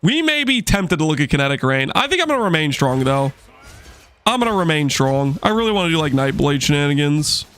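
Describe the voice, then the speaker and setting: A man's voice: on the high side, very animated, a little fast, fairly bright tone, smooth. A man streaming a game, joking and chatting with his viewers while he plays. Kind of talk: casual live-stream chat while gaming.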